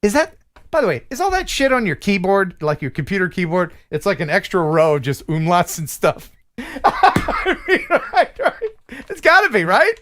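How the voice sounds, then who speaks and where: A man's voice: sits high, huge pitch swings, normal speed, fairly bright tone. A man hosting a live stream in a casual, jokey way, reading viewer mail aloud and laughing at himself. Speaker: host.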